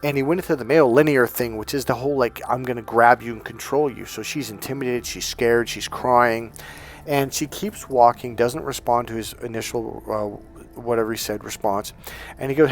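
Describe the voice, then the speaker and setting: A man's voice: mid-range voice, normal speed. A man who coaches men on dating, talking casually to his viewers, swearing freely and acting out the people in his stories. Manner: profane, animated storyteller acting out quotes. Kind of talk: casual lecture to camera.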